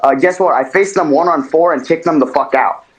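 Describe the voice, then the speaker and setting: A man's voice: on the high side, fairly quick, low-quality recording. A man calling into an online audio chat, telling his side emphatically. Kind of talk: casual chat.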